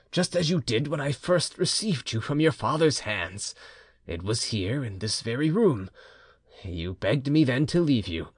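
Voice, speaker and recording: A man voicing a returned peasant husband, speaking low, soft and intimate. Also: breathy edge, no echo, studio quality. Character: returned peasant husband, tender yet commanding.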